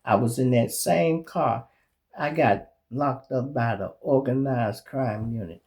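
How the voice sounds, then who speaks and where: A middle-aged man with a Chicago accent hosting his own show, telling animated, streetwise stories in a casual monologue full of profanity. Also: medium pitch, unhurried. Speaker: show host.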